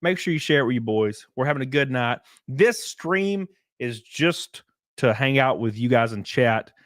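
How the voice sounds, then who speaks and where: A man hosting a livestream, chatting and ranting in a blunt, profane, animated way. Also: mid-range voice, normal speed, no room sound, studio quality. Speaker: livestream host. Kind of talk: casual livestream chat and rant.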